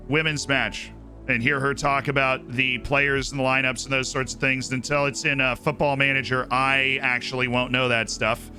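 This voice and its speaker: Bright-voiced, tired man streaming a game. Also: mid-range voice. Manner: chatty, upbeat, thanks subscribers by name. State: tired, voice starting to go. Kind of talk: casual game livestream commentary.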